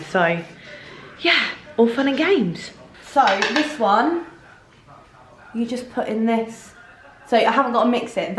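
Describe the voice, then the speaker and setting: A young woman talking frankly to camera at home in a casual vlog, with many ums. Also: on the low side. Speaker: vlogger. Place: at home, indoors. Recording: echoey room.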